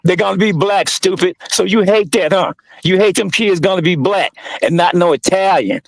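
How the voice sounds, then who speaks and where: A man's voice: high-pitched, normal speed, gravelly, no room sound. A man calling into a heated argument, interrupting by repeating a name and short phrases again and again. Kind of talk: heated online call-in argument.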